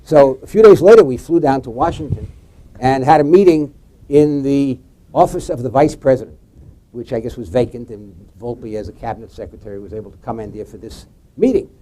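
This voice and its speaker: A man's voice: fairly quick, mellow, poor audio. A man on a forum panel telling a long political anecdote, acting out quoted lines. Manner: anecdotal, voices quotes with pitch jumps.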